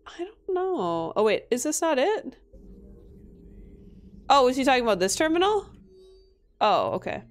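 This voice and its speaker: A woman's voice: sits high, very animated, moderate pace, long pauses. A young woman from Minnesota giving casual gameplay commentary, chatty, swearing freely and laughing often. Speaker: streamer.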